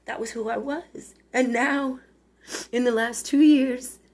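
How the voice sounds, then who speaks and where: A tearful woman in her forties pours out a personal confession straight to the camera. Her voice sits a little high and sounds husky and breathy, and she stumbles and restarts as the feelings rise. It is an intimate, unscripted vlog. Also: fairly even intonation, a little mellow. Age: 40s. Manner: emotional, halting, with many restarts. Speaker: vlogger.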